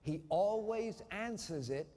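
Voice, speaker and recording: Male preacher, fiery call-and-response sermon, high pitch, hall reverb. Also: animated, slow. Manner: call-and-response preaching, swings from shouting to hushed. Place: church hall with a congregation.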